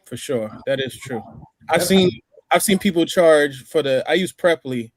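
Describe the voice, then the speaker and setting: A man's voice: a little high, expressive, normal speed, dry recording. Chatty man with a close, dry voice. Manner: chatty, explains phrases at length. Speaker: roundtable participant. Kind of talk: casual group chat over a stream.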